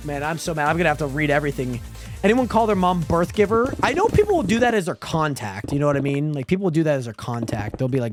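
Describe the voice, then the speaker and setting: A man from Spokane livestreams in loose, rambling chat, full of fillers and quick laughs. His pitch swings widely as he talks. Music plays clearly behind him. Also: lively intonation. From Spokane, Washington, USA. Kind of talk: casual chat, reacting to viewer chat.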